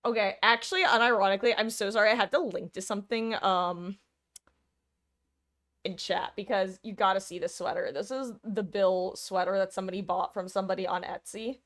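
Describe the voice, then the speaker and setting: A woman live-streamer talks to her chat at a desk mic, wandering from topic to topic and catching herself mid-thought. Her voice sits at an ordinary middle pitch, and she laughs easily between asides. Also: brisk, fairly bright tone. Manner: chatty, rambling, self-interrupting, laughs often.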